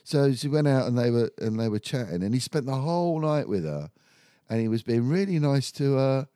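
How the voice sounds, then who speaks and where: Mellow, swearing storyteller. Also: male voice, mid-range voice, lively intonation, brisk, dry recording, clean studio sound. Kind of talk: casual storytelling chat.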